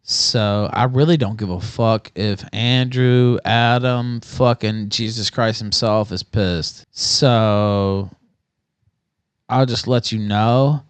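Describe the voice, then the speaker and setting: A man's voice: on the low side, steady tone, slow, smooth, no echo. A stressed livestream host, a man, ranting angrily and combatively with heavy swearing. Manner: combative, swears heavily, yells. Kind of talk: angry profane rant.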